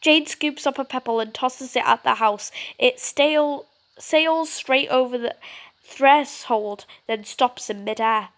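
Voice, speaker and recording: A young woman playing a story game, reading the narration aloud in an expressive, dramatic way. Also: sits high, measured pace. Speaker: gaming creator.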